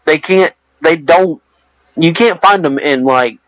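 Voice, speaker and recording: A man's voice: on the high side, slow pace, a bit bright, dry recording. A man casually talking about a movie, rambling and hesitant, with many restarts and fillers. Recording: dull lo-fi dry recording.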